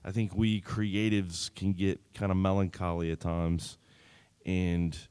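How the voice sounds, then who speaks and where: A singer-songwriter telling a story between songs at an open mic, in a relaxed, rambling way full of fillers and restarts. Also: male voice, deep voice, unhurried, smooth, no room sound. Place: live open mic event.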